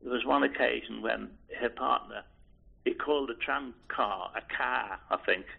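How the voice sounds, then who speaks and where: Gravelly, husky older man reminiscing. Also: mid-range voice, moderate pace. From Liverpool, England. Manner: hesitant, restarts and repeats words, chuckles softly. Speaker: interviewee. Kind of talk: oral history reminiscence. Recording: tinny phone-like recording.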